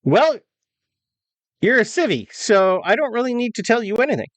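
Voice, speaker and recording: A man's voice: extremely high pitch, sing-song, moderate pace, no room sound, voice pushed up. A man voicing a brusque, dismissive male army officer in a tabletop game, speaking in clipped lines. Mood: curt.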